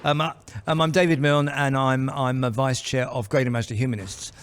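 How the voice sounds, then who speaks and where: A man's voice: mid-range voice, fairly even intonation, brisk, clean tone. A man hosting an event, giving a rambling, self-deprecating introduction full of fillers. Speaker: host, vice chair of the group. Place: event venue, indoors.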